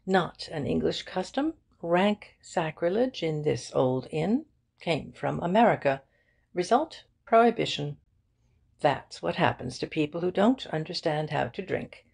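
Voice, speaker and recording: A woman voicing a breezy, witty young aristocratic gentleman who talks emphatically in clipped phrases. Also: fairly low pitch, vocal fry, slightly rough, full character voice. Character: jaunty young aristocratic Englishman, lively, witty.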